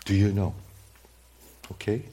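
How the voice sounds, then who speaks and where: A man preaching a sermon as pastor, swinging between soft, quiet asides and loud, emphatic bursts, repeating key words for emphasis. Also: lowish voice, measured pace.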